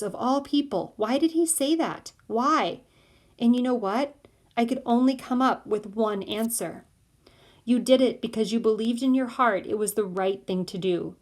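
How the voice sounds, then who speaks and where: A woman voicing a worried mother who speaks to her son in a quiet, calm, measured way. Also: a little high, lightly acted.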